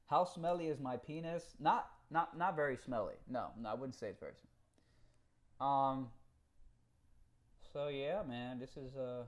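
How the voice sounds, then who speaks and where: A man chatting on a live stream, reading out comments and talking in an animated, profane way with frequent laughs. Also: mid-range voice, unhurried. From Cuba.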